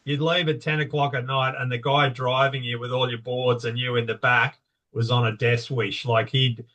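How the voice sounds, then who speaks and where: A man's voice: mid-range voice, little pitch movement, normal speed, bright, forceful tone, dull audio. A middle-aged Australian man with a mid-range voice, chatting casually about past adventures. He explains things for the listener and builds his stories with vivid, easygoing detail. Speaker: podcast guest. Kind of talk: casual conversation.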